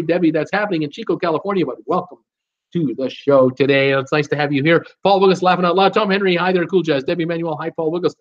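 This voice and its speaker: A man's voice: fairly high pitch, lo-fi sound. Chatty man reading viewer comments. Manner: chatty, reads out viewer names and comments with many "uh" fillers. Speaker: host of a live cruise Q and A stream. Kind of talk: casual live-stream chat reading viewer comments.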